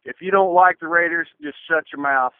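A man's voice: on the high side, a little fast, no room sound. Defiant male caller on a tinny phone line. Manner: defiant, loyal fan declarations. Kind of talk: fan call-in rant.

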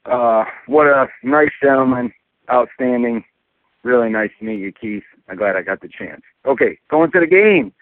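A man's voice: medium pitch, lively intonation, dry recording. A man from New York calling in to a sports talk show, venting angrily with heavy profanity. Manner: angry, profane, rapid venting. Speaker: caller. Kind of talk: phoned-in fan rant. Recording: tinny phone line.

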